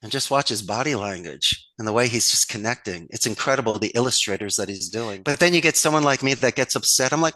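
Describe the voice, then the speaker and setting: A man's voice: medium pitch, expressive, quick pace, few pauses, sharp tone, no room sound. A man from Philadelphia, a call center owner, talking in an interview. He speaks emphatically, acts out phone calls and his own lines, and laughs often as he tells stories. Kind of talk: animated interview talk.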